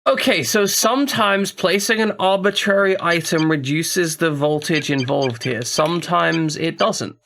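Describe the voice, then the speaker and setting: A man's voice: on the high side, measured pace, vocal fry, few pauses, fairly bright tone. A man streaming a video game, thinking aloud in a puzzled, casual way with profane asides. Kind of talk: casual gameplay commentary.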